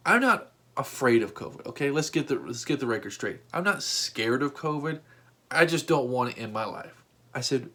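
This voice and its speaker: A man's voice: mid-range voice, lively intonation, moderate pace, pushed and bright. A man hosting a storytime vlog, telling an exasperating story with rising outbursts. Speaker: vlog host.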